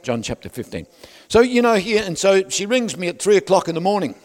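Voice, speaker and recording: A man's voice: sits high, very animated, brisk. A man preaching a sermon, conversational with joking asides to the congregation. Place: large church hall. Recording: long reverb of a large hall.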